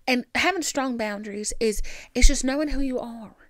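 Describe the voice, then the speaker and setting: A woman with a Southern country accent, hosting a podcast and giving candid advice in an animated, sassy way with lots of emphatic repetition. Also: fairly high pitch, moderate pace, no echo. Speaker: podcast host.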